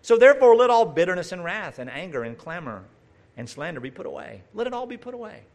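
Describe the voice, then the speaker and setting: Man, preacher, conversational sermon, fairly high voice, swooping lively pitch. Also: fast. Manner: animated, talks straight to the listeners with asides and rhetorical questions.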